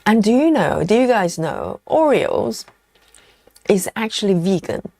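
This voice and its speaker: A woman's voice: mid-range voice, big pitch swings, measured pace, creaky, warm tone, no echo. A woman hosting a casual live stream, chatting and reading viewer comments aloud as she goes.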